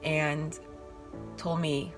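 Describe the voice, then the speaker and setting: A bodybuilding competitor vlogs her show day, chatting casually to the camera and openly sharing her emotions. Her voice is low and level and she speaks very slowly, in a low-quality recording with background music and crowd chatter.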